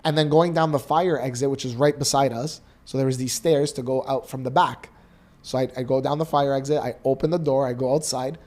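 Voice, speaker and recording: In a mid-range voice and a slightly quick tempo, a Canadian man in his thirties who co-hosts a podcast shares a moving personal story, earnest and animated throughout.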